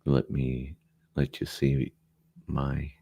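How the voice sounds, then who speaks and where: Very deep-voiced man with gravelly fry. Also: completely flat delivery, very slow, warm tone. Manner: distracted, apologetic, fixing his audio on air. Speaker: livestream host. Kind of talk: casual livestream chat. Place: home room.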